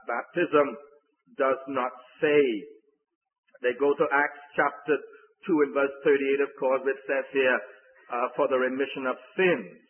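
Man preaching in a reverberant hall. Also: mid-range voice. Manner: emphatic, repeats key words, many fillers. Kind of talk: sermon. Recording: phone-like sound with long hall reverb.

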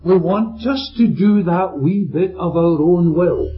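The preacher here is a man whose voice sits high and whose pace is unhurried. He gives his sermon emphatically and asks questions to check in with his listeners, and the lo-fi recording is dull, with faint music.

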